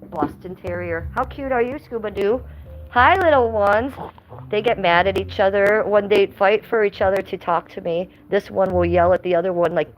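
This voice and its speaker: An American woman hosts a casual livestream as she walks around her house, indoors and out on the porch, chatting with viewers and cooing baby talk at her pets. Her voice is medium-pitched, and the poor audio carries slight background noise.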